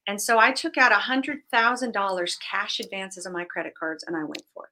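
A woman in her forties, a guest and business owner, telling her story in an animated, faith-filled way and acting out voices as she goes. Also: medium pitch, brisk. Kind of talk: conversational interview storytelling.

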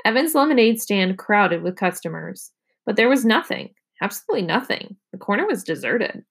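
Gravelly-voiced woman reading a children's novel. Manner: expressive, raises pitch for children's dialogue. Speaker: teacher reading aloud. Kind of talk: storybook read-aloud.

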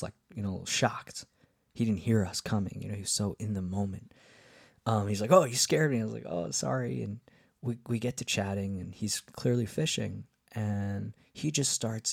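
A man's voice: lowish voice, gravelly, darkish tone, slightly rough, no echo, clean studio sound. A man hosting a podcast, telling a casual travel story in a rambling way, with lots of fillers and restarts. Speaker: podcast host.

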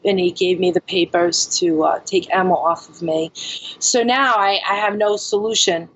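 A woman's voice: fairly low pitch, steady tone, moderate pace, breathy edge, dull audio. A woman speaking as a podcast guest, telling her own story candidly and frankly, filling her speech with "like" and "you know.".

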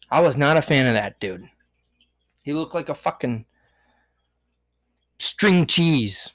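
A man's voice: fairly high pitch, creaky. Profane, irritated young man ranting. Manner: profane, irritated, animated retelling. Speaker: podcast host. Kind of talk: casual storytelling rant.

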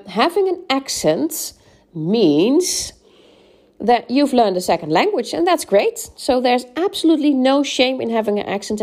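A woman's voice: medium pitch, warm tone. A woman hosting a solo podcast, giving encouraging speaking tips with frequent "um"s and "right?" checks. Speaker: podcast host and English speaking coach. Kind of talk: solo podcast advice talk.

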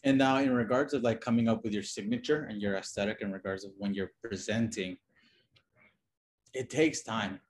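A man talking as a guest in a relaxed interview, loose and conversational, with frequent fillers and restarts. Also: on the low side, moderate pace. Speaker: designer and podcast guest. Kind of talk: casual interview chat.

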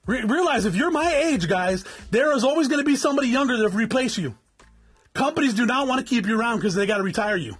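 A very high-pitched, husky man in his forties from South Tucson, Arizona, lectures his viewers bluntly and swears constantly. His pitch swings widely as he rants, and faint music plays behind him. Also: animated, quick pace, a bit bright. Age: 40s. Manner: addresses viewers as guys. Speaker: vlogger. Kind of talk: profane motivational rant.

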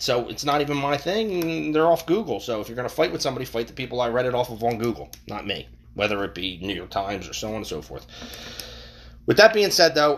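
A man hosting a casual podcast monologue, rambling and cursing, jumping from loud bursts to mumbles, recorded on a boom-hung mic in an untreated room. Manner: rambling, profane, swings between loud and mumbled. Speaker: podcast host. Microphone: boom-hung microphone. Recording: slight room echo.

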